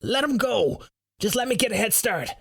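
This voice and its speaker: A man voicing a high-pitched, panicky man with a Norwegian accent who yells and curses in fear. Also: lively intonation, normal speed, vocal fry, husky, no room sound, heavily acted. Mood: breathless relief. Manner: yelling in fear.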